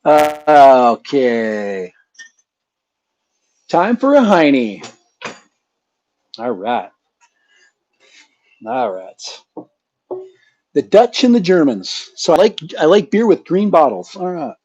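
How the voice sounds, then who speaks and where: A man's voice: a little high, big pitch swings, slow pace, pauses often, a little mellow, no room sound. A man hosting his channel in a casual live chat, rambling and joking with a chuckle. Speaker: channel host. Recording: dull lo-fi sound.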